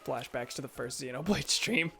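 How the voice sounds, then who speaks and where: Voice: medium pitch, expressive, normal speed, creaky, bright, forceful tone, soft background music. A game streamer chatting casually while playing, thinking aloud and joking at their own expense.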